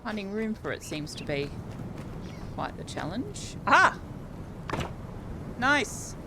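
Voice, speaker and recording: Over some background noise, an Australian woman chats through her game stream in an unhurried, gravelly, mid-range voice with big pitch swings. She's amused and talkative, fixing her own words mid-sentence as she gives casual commentary.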